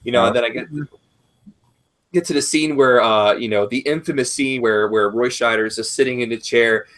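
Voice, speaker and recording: A man in his thirties, co-hosting a casual chat, telling a long profane story in a rambling, animated way. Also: mid-range voice, brisk. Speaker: podcast co-host.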